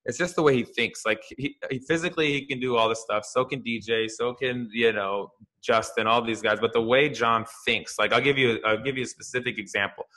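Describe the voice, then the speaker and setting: A man on a sports podcast chats loosely, piling up restarts and fillers as he tells a story. His tone is bright and his pitch sits in the middle of the range. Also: fairly even intonation, brisk, few pauses, poor audio. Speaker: podcast co-host, golf fantasy analyst. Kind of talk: casual podcast chat.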